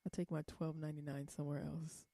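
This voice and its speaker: A woman's voice: deep voice, level tone, fast talker, vocal fry, warm tone, no room sound. Blunt, rambling young woman vlogger. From California. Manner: blunt and profane, rambling with many ums. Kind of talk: casual vlog monologue.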